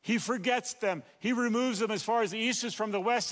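A man preaching a sermon in a church, swelling with passion and then falling to a hushed, quiet prayer. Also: sits high, brisk, big-room sound. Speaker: pastor. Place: church sanctuary.

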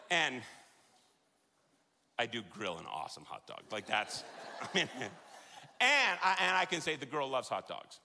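A middle-aged man preaching a sermon in a large church, joking and then driving points home with loud emphasis. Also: mid-range voice, normal speed, a little hiss or hum. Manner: animated, jokey preaching with sudden loud emphasis. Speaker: pastor. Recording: long hall reverb.

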